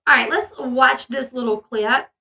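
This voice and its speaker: A woman's voice: high-pitched, unhurried, vocal fry, pushed and bright, recorded from a distance, poor audio. A woman hosting a casual commentary video, chatty and opinionated with many fillers. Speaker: commentary channel host.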